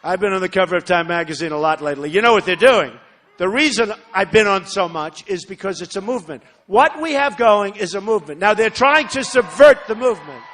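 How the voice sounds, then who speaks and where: A man's voice: sits high, expressive, fairly quick, a bit bright. A man in his sixties giving a campaign rally speech, repeating phrases for emphasis and talking to the crowd in asides. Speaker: political candidate. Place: large rally venue.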